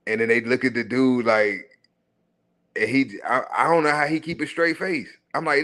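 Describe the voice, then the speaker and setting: Profane, animated man ranting on a stream. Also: mid-range voice, normal speed. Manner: profane, animated, mocking, laughs at own jokes. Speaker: live stream host. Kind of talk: casual commentary monologue.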